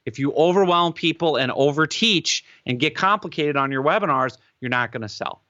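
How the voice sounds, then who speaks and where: A man being interviewed, giving advice in an animated, emphatic way and often checking in with "right?". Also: fairly high pitch, normal speed, no room sound, dull audio. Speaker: guest expert on webinars.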